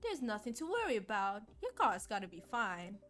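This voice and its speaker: A woman's voice: mid-range voice, very animated, normal speed, fairly bright tone, soft background music. A woman voicing a friendly male police officer in a put-on American Southern accent, easygoing and folksy. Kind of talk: streamer voicing game dialogue.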